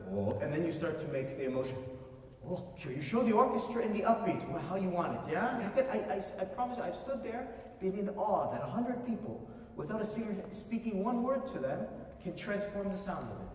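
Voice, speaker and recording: A man conductor coaching a singer in a master class, emphatic and animated, often singing phrases to show them. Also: high-pitched, brisk, slight background noise. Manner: animated, emphatic, sings and speaks phrases to demonstrate. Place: concert hall. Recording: echoey hall from far off.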